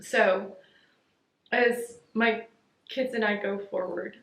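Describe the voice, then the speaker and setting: Slow and marked by vocal fry, her medium-pitched voice keeps a fairly even intonation. Crying, the middle-aged vlogger chats casually with viewers in an echoey space, offering rambling, heartfelt gratitude and frequently saying "you guys."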